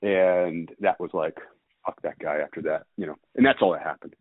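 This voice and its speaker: A man's voice: deep voice, steady tone, a little fast, dry recording. A man casually telling a rambling story, swearing freely and stumbling over details. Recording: dry phone-like sound.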